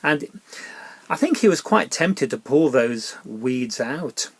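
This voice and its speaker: A man presenting a gentle children's Bible talk, coaxing his puppet along in a warm, parental way. His voice sits at an ordinary middle pitch, and he often drops to a hushed whisper for asides. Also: very animated, slow pace, husky.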